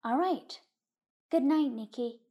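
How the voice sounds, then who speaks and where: A woman's voice: sits high, slow, slightly rough, muffled recording, full character voice. A woman voicing Mrs Garner, a stern but kindly farm mother, in an audiobook reading. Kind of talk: audiobook reading of a short story.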